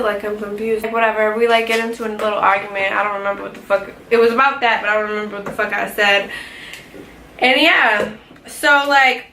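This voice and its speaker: Animated young woman, bright echoey voice. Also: medium pitch, fairly quick. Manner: animated, heavy swearing, lots of "like". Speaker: vlogger telling a story. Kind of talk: casual storytime vlog. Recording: echoey room with faint ambient noise.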